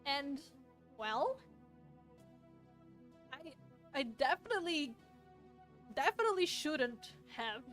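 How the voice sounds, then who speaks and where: High-voiced young woman chatting slowly. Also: big pitch swings, fairly bright tone. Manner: rambling, self-interrupting, laughs often. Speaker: artist streaming while drawing. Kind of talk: casual chat while drawing. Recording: faint music playing behind.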